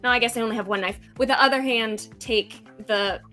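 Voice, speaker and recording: A woman's voice: a little high, steady tone, bright, forceful tone, faint music behind. A woman playing in a tabletop game, playful and dramatic in her casual talk. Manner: playful and dramatic, quick laughs. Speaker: player.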